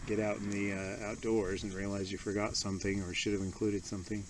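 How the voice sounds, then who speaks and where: A man casually narrating an outdoor vlog from a stormy campsite, explaining each step with small asides in a relaxed, chatty way. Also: lowish voice, fairly quick, noisy background. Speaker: outdoor vlogger.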